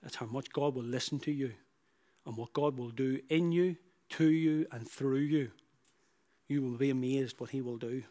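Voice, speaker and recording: A man's voice: mid-range voice, normal speed, warm tone. A man preaching a sermon, building emphatic repeated phrases that rise in force. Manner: emphatic, repetitive preaching with rising bursts.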